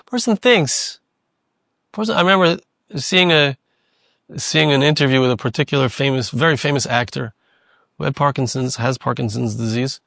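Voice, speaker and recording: A man's voice: medium pitch, normal speed, gravelly, a bit bright, no room sound, clean studio sound. A man giving an earnest Torah lecture, repeating phrases for emphasis and weaving in Hebrew terms. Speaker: Torah teacher.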